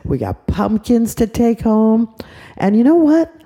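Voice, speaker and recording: An older woman, a grandmother, narrating a children's story in an animated, chatty way, full of asides. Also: fairly high pitch, a little slow, husky.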